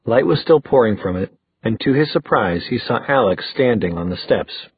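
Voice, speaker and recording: A man reading an audiobook aloud in a steady, measured way. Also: mid-range voice, slightly rough, no echo. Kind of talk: scripted audiobook narration. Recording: tinny phone-like dry recording.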